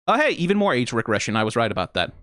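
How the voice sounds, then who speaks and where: A man streaming a casual reaction, analyzing scenes closely, swearing freely and getting emotional and excitable. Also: mid-range voice, rapid-fire, no echo, studio quality. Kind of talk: casual video commentary.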